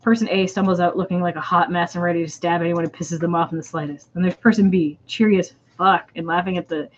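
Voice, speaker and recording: A woman's voice: fairly low pitch, fairly even intonation, fast. Giggly young woman reading posts aloud. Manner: giggly, chatty. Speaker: co-host. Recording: dull lo-fi sound.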